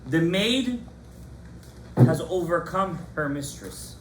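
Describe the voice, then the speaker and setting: A man, a rabbi, giving a lively Torah class to students in a study hall, animated and impassioned, calling on his students by name. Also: fairly high pitch, slow pace, background noise.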